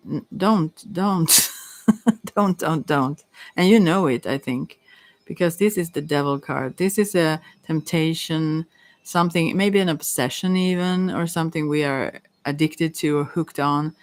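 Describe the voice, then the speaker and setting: A woman giving a casual live-stream tarot reading, chatty and giggly, pausing often with fillers as she talks things through. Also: deep voice, no room sound. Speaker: tarot reader.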